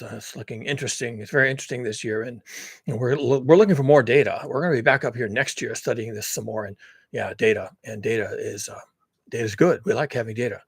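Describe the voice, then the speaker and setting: A man mimicking a cagey male scientist who dodges questions in a hesitant, halting way, with a husky voice. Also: medium pitch, no echo, clean studio sound.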